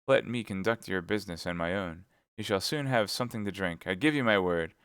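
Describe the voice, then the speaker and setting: Brief: male reader as a daring young swordsman, firm and commanding, low smooth voice. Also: a little fast, fairly bright tone, no echo, clean studio sound. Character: bold young male musketeer, quick-witted and commanding.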